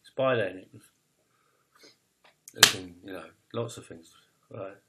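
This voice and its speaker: Heavy background noise surrounds a fairly low-pitched man in his fifties, a poet confessing his own life story. He speaks rawly and emotionally, restarting haltingly and swearing bluntly.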